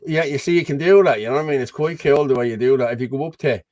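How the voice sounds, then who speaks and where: A man's voice: medium pitch, rapid-fire, a little mellow, no echo. A man with an Irish accent hosting a casual chat over a video call, rambling and often asking "you know what I mean". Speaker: host.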